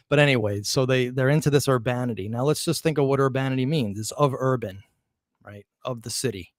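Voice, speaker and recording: A man's voice: mid-range voice, fairly quick, no room sound, studio quality. A man hosting a true crime commentary, reading letter passages aloud and mocking his critics with chuckles and restarts. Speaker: true crime channel host.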